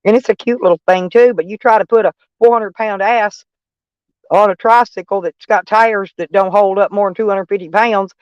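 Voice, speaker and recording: A woman's voice: mid-range voice, fairly even intonation, moderate pace, a little mellow, no echo, lo-fi sound. A middle-aged woman chatting casually on a live stream, mocking and sarcastic toward trolls in her chat. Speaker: van life streamer.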